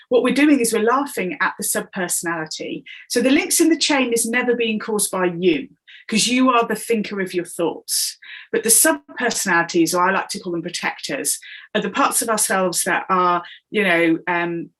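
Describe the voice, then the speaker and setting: A woman's voice: mid-range voice, a bit bright. A woman, a coach and comedian, explaining her ideas in an interview and acting out inner voices as quoted asides.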